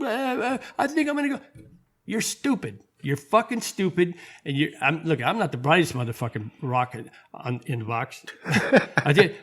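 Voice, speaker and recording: A man's voice: fairly high pitch, fairly bright tone. A man hosting a podcast, ranting in a heated, profane way and often restarting his sentences. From United States. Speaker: podcast host. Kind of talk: casual political rant.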